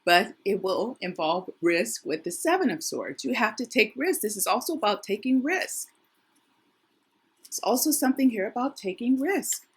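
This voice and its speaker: A middle-aged woman with a worn, husky voice gives a casual tarot reading, chatty and thinking aloud with frequent restarts. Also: fairly high pitch, animated, moderate pace. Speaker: tarot reader.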